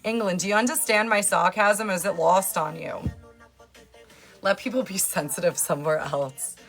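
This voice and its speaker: A woman's voice: lowish voice, normal speed, faint music behind. Sarcastic New woman livestreaming. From New York. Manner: sarcastic, teasing, loud and lively. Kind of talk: casual live-stream chat, reading comments.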